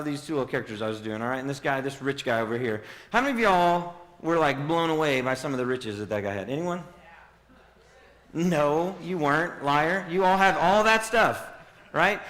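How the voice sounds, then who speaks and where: A man in his thirties preaching to a youth crowd in a big hall, his fairly high voice ringing with long reverb. He keeps it casual and joking, firing questions at the listeners. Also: a bit bright. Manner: joking, quizzes audience. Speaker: youth speaker. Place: large hall with audience.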